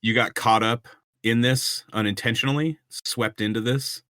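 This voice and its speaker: A man's voice: medium pitch, steady tone, moderate pace, pushed and bright, no echo, clean studio sound. A man narrating a tabletop game as game master, describing scenes with frequent ums and restarts.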